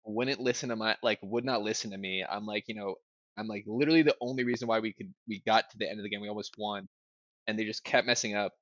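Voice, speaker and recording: A young man telling a story in casual chat, animated, swearing a lot, with lots of "like" fillers. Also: fairly low pitch, quick pace, dry recording, highs cut off. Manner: animated, swears a lot, fillers like "like", bursts into loud yelling when reenacting.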